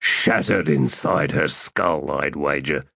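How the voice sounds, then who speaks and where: A man's voice: extremely low pitch, takes it slowly, creaky, a bit bright, dry recording, pitched below the performer's own voice, full character voice. A man voicing a dry, understated male guard. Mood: wry.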